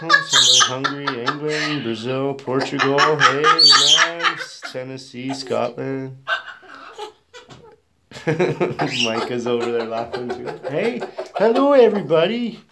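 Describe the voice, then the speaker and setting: A man's voice: medium pitch, slow pace. A man hosting a casual live stream with his pet cockatoo, greeting viewers and reading out where they are from with easy chuckles. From Canada. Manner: relaxed, chuckling, reads out viewers' home places. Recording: loud background noise and bird squawks. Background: a pet cockatoo squawking.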